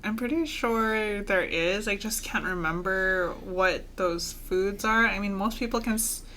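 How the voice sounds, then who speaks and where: A woman co-hosting a relaxed podcast, her voice bright and clear. She listens attentively, murmuring agreement between her partner's lines. A faint hiss runs underneath. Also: mid-range voice, measured pace. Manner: attentive listener with frequent soft affirmations. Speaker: podcast co-host. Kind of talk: casual chat and read recommendation.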